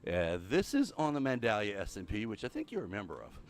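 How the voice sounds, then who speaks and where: An older man rambles and thinks aloud to his viewers in a casual Minecraft livestream, out of breath from walking on a treadmill. He talks fast in a fairly low voice whose pitch swoops wildly.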